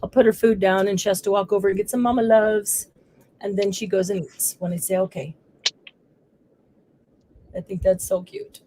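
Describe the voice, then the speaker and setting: A woman's voice: medium pitch, fairly even intonation, moderate pace, long pauses, mellow, a little hiss or hum. A woman hosting a live crafting stream, chatting casually as she works. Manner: chatty, coos baby talk to her dog. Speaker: crafting show host.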